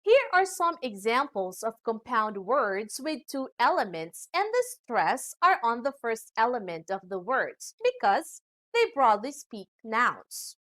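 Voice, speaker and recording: A woman teacher giving a recorded English lesson, speaking deliberately and stressing each example word. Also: a little high, very animated, fairly bright tone.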